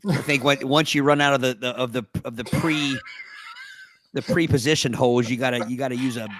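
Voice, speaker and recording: A man's voice: mid-range voice, steady tone, brisk, a bit bright, a little hiss or hum. A man co-hosting a podcast, joking around and riffing with silly logic in casual chat. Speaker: podcast co-host.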